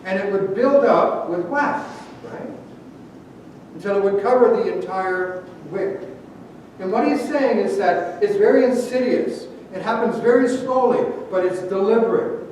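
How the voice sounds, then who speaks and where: A high-voiced male pastor delivering a sermon, pausing on rhetorical questions and slowing down to stress key words. The sound is captured from a distant mic in a very echoey church, with a faint rumble underneath. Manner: rhetorical questions, slow emphatic phrasing, drops to a hush. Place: church sanctuary.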